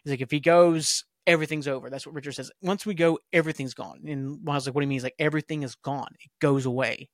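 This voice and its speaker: A man's voice: fairly high pitch, steady tone, fast, few pauses, no room sound, clean studio sound. A man hosting a podcast, casually recapping a TV episode in a rambling, complaining way. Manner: rambling, complains and paraphrases scenes loosely. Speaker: podcast host.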